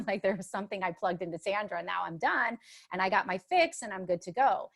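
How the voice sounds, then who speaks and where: Middle-aged woman, panel guest, emotional and expressive delivery, mid-range voice. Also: mid-range voice, a little fast. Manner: expressive and emotional, with many restarts and fillers. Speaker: panelist on a motherhood livestream. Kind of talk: casual spoken talk.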